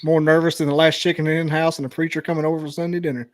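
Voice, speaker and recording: A man trading wisecracks as a guest in a loose podcast chat. His voice sits a bit high, and the recording is dry and close. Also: little pitch movement, racing, no room sound. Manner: joking, with wisecracks.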